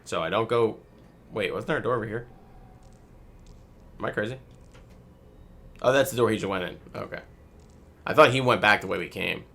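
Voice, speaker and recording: A man's voice: fairly low pitch, moderate pace, vocal fry, long pauses, bright, forceful tone. A man casually commenting on a horror game he is playing, rambling with many fillers, on a desk mic at home. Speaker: gameplay video host. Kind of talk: casual let's play commentary.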